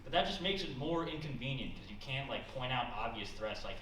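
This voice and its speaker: A young man performing a stand-up comedy set with a dry, deadpan delivery. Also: medium pitch, brisk, recorded from a distance. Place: small comedy club stage. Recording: echoey club room, mic heard from afar, loud noise.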